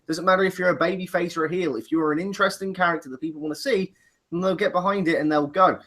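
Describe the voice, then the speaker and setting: A man's voice: high voice, fairly even intonation, fast, a bit bright. A man co-hosting a casual chat, opinionated and joking, often restarting his sentences. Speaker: podcast co-host.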